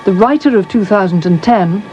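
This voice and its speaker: A woman's voice: medium pitch, moderate pace, dark tone. Woman narrating a documentary over music. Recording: dull audio over music.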